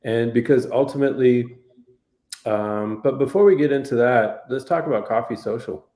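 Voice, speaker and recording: A man's voice: medium pitch, normal speed, warm tone. A man hosting a casual livestream chat, easygoing and rambling, with a lot of fillers. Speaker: host. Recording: echoey room.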